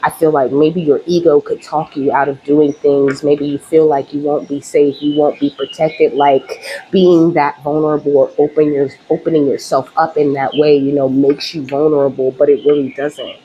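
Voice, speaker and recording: Woman host, low voice, chatty and heartfelt spiritual reading aimed right at her viewers. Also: little pitch movement, normal speed, dull audio, slight background noise. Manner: chatty and emphatic, speaking straight to viewers; heartfelt, openly emotional. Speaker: spiritual reader and channel host. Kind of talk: casual direct-to-camera spiritual reading.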